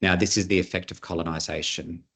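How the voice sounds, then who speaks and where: A man's voice: low voice, level tone, fast, creaky, fairly bright tone, breathy edge. A man presenting at an online conference over a video call, earnest and chatty, with frequent fillers.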